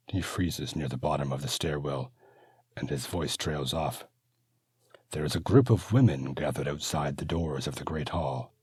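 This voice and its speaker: A man narrating his own fantasy audiobook in a steady, measured manner. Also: rumbling low, slightly rough, dry recording, clean studio sound. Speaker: author and narrator.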